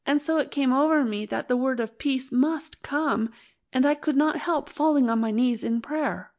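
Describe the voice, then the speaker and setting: A woman's voice: high-pitched, moderate pace, a little mellow, pitched above the performer's own voice. A woman reading an audiobook, voicing a tender, fearful young wife who talks in an earnest, pleading way. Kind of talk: audiobook narration.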